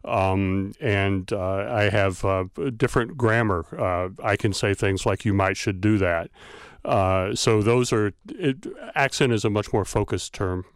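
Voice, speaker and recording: A man's voice: lowish voice, measured pace, hardly any pauses, smooth, no echo. Man, Southern US accent, professor, explanatory, resonant voice, dry sound. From American South. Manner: thoughtful, explanatory, many uh fillers. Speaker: linguistics professor. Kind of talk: radio interview, explaining.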